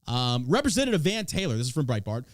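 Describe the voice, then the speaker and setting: A Texan podcast host rants about politics, mocking and profane, swearing freely. He talks fast in a mid-range voice with big pitch swings. There's no room sound.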